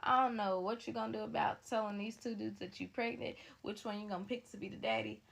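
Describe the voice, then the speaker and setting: A woman telling a story to her viewers in a sassy, animated way. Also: medium pitch, fast talker, vocal fry. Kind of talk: casual storytime narration.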